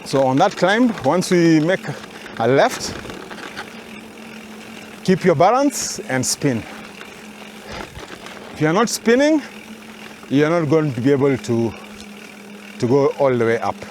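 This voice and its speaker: A man's voice: a little high, very animated, slow, long pauses, darkish tone, a little hiss or hum. Breathless man narrating a bike ride. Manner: chatty, explains the route between breaths. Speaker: mountain bike route guide. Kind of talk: talking while riding, route commentary. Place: outdoors on a trail, riding a bike.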